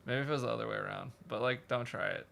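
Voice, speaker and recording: Gravelly-voiced man, laid-back podcast host. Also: mid-range voice, pushed and bright, a little hiss or hum. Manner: laid-back, dry teasing. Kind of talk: casual chat. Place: podcast studio. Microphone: studio mic.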